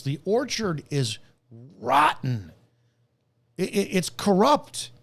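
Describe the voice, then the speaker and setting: A man who is a former police officer, hosting a live stream and delivering an angry, profane commentary rant. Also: on the high side.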